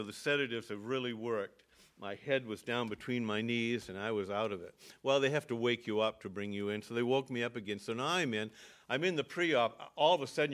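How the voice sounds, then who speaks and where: An older man, a pastor, telling a personal story in an earnest sermon with halting restarts. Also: mid-range voice, fairly bright tone.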